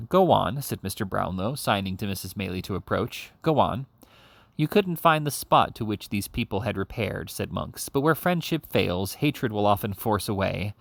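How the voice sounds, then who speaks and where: Low gravelly man reading a novel. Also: no room sound. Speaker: audiobook reader.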